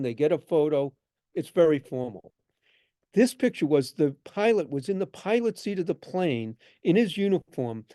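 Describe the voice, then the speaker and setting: Man telling lively anecdotes. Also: high voice, dry recording. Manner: animated anecdotes, acts out dialogue. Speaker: guest speaker, bookshop owner. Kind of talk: storytelling talk. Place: event hall.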